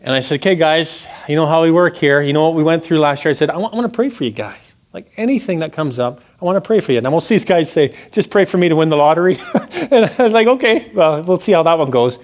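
A man's voice: a little high, expressive, fast talker. Earnest man telling a church testimony. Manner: earnest storytelling, drops to hushed tones. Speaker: church speaker sharing a testimony. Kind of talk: sermon testimony.

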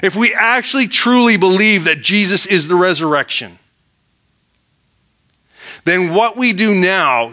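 He is a male preacher whose voice rings brightly and runs a little high for a man. After reading verses aloud in his sermon, he explains them through questions directed at his listeners.

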